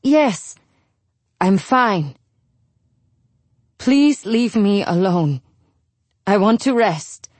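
A woman's voice: mid-range voice, expressive, extremely slow, long pauses, darkish tone, dry recording. A woman voicing a bitter, worn-out middle-aged mother who answers sharply in a sleepy, cutting way. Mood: irritated.

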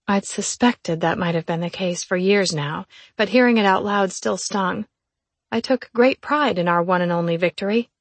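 A woman narrating a first-person novel as an audiobook, in an even, measured reading. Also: mid-range voice, dry recording.

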